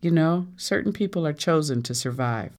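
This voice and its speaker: A storybook narrator voicing a stern older captive woman who speaks in a cold, firm, measured way, over guitar music. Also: medium pitch, lively intonation, darkish tone, natural voice. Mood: earnest.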